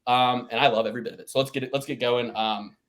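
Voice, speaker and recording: A man's voice: mid-range voice, fairly even intonation, fast talker, a bit bright, slight background noise. A man co-hosting a podcast, rambling in a casual chat and swearing often as he rants. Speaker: podcast co-host.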